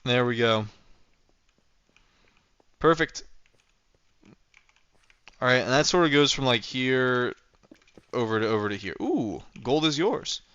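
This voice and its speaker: A man's voice: mid-range voice, animated, slow, pauses often, fairly bright tone, smooth, no echo, muffled recording. A young man livestreaming a game, chatting casually and rambling playfully as he thinks aloud while building. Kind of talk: casual gameplay livestream chat.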